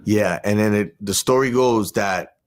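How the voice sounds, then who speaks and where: A man's voice: on the low side, unhurried. A man as an interview guest, telling a story in casual street slang and acting out the dialogue. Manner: animated storyteller who acts out quoted dialogue; street slang, loose and profane.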